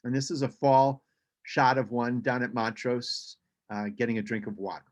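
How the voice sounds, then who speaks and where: A man's voice: medium pitch, little pitch movement, moderate pace. A man giving a casual birding presentation over a video call, chatty, with frequent ums and restarts.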